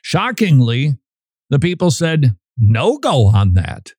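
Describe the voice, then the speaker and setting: A man's voice: mid-range voice, big pitch swings, slow pace, a little mellow, husky, no echo, clean studio sound. A man hosting a show, giving casual, opinionated commentary in a conversational, emphatic way.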